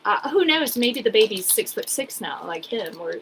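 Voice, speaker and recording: A woman's voice: medium pitch, very animated, moderate pace, background noise. A woman in her forties chatting casually while sorting old papers, rambling with wry asides. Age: 40s. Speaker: vlogger.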